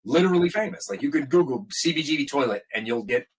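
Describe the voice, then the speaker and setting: Husky-voiced middle-aged man telling stories. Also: a little high, quick pace. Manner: animated, acts out quoted people in a raised voice. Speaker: guest musician. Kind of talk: casual storytelling in a podcast interview.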